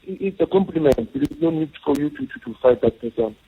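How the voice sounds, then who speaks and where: A South African man calling in to a radio show, speaking haltingly with many hesitations. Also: on the high side, wildly swooping pitch, gravelly, breathy edge. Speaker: caller. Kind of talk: casual radio call-in chat. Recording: tinny phone line.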